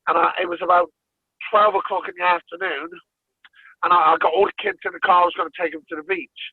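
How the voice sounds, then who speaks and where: A man's voice: high-pitched, fairly even intonation, fast, breathy edge, dry recording. A man, bluntly telling a story with plenty of swearing and laughs as a podcast guest. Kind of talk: casual storytelling. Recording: dry, phone-like narrow sound.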